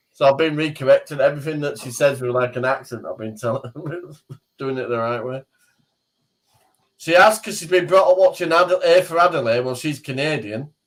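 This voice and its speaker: A man's voice: on the high side, moderate pace, pauses often, low-quality recording. A man, co-hosting a livestream in casual, jokey chat and laughing often. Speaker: livestream co-host.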